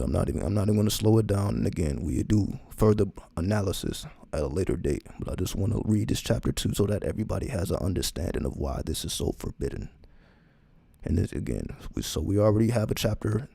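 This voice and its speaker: Lively, gravelly man reading aloud. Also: deep voice, no room sound. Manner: reads slowly, stopping often for asides; loose, informal talk with restarts. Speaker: channel host reading a text aloud. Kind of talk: casual reading with commentary.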